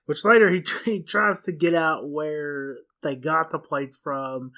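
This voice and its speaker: A woman's voice: deep voice, measured pace, sharp tone. A woman in her thirties co-hosting a podcast, retelling a film's plot in casual chat and laughing often. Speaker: podcast co-host.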